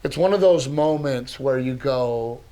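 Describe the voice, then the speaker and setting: A man co-hosting a podcast, telling stories in a casual, animated way that is full of laughs and swearing. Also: medium pitch, a little slow. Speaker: podcast co-host, comedian. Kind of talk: casual storytelling chat.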